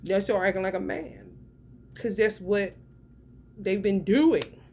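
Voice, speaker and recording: A woman's voice: mid-range voice, slow pace. Brief: young woman, profane tarot reader, blunt and slangy, faint background hiss. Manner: blunt, profane, slangy, swings between loud and muttered. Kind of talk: casual spoken tarot reading.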